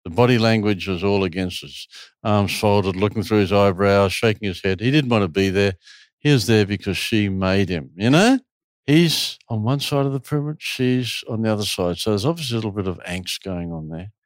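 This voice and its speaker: A man's voice: on the low side, normal speed, no echo, studio quality. Man telling a story with relish. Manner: animated, lively storyteller. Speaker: retreat owner telling stories. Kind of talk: casual storytelling interview.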